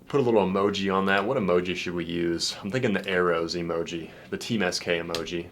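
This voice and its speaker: A young man, a dating coach, talking casually to camera in an excited, slangy way, swearing and saying "dude" a lot. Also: sits low, quick pace, hardly any pauses, a little hiss or hum. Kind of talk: casual vlog, reacting to a client's messages.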